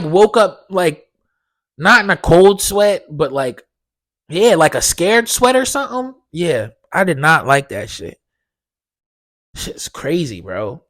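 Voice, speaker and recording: A young man hosting a solo podcast, telling a story in a profane, animated way full of slang. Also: fairly high pitch. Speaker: podcast host. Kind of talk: casual solo podcast monologue.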